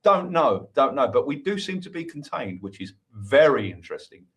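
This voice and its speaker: A man appears as a podcast guest, a musician who talks at length. His speech is earnest and wandering, and he keeps restarting his sentences. His voice sits at an ordinary middle pitch. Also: sing-song, normal speed, a bit bright. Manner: earnest, rambling, many restarts. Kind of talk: casual interview chat.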